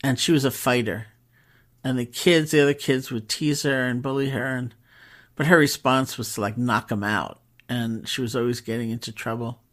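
A woman meditation teacher telling stories in a relaxed, conversational talk, with pauses and fillers. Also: a bass voice. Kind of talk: storytelling talk.

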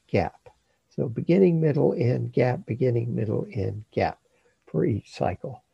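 A man teaching meditation, giving slow, calm instruction with long pauses. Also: medium pitch, gravelly, slightly rough, dry recording, highs cut off.

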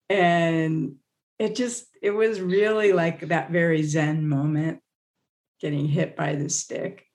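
A lower-pitched woman telling a story animatedly. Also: takes it slowly. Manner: animated, acts out quotes with laughs and fillers. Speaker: interview guest, meditation teacher. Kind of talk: casual conversational storytelling. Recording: podcast interview.

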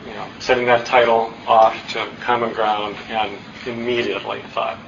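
A middle-aged guest dharma teacher gives a talk in a meditation hall, telling warm, self-deprecating stories in an unhurried way with pauses. His voice is lowish, gravelly and flat in delivery, heard in a distant, dull room recording with faint noise.

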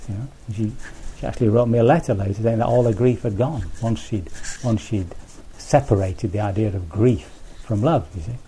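A man with a low, mellow voice gives a relaxed dharma talk. He speaks conversationally, restarting phrases and checking in with his listeners. Faint noise sits under the recording. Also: a little fast, hardly any pauses. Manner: conversational, thinks aloud with restarts and asides. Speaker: Buddhist teacher.

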